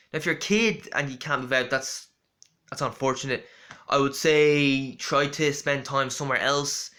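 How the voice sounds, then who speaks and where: Bright-voiced man telling a story. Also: a little high. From Ireland. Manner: rambling, with frequent fillers and restarts. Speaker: vlogger. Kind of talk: casual storytelling monologue.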